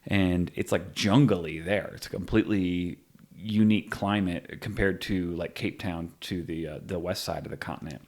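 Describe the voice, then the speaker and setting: A man hosting a podcast, chatting in a relaxed, easygoing way. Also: low-pitched. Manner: relaxed, chatty, quick back-channel replies. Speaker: podcast host. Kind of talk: casual chat.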